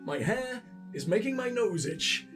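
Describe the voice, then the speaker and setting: High, lively sweary gamer with a headset. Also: male voice, measured pace, music in the background. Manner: sweary, mocking, laughs at own jokes. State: sick. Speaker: let's play host. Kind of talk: casual gameplay commentary.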